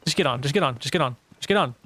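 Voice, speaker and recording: A young man races through his words in a fairly high, bright, forceful and animated voice, over slight background noise. He's streaming a video game, replying to chat while his frustration boils over into swearing and exclamations.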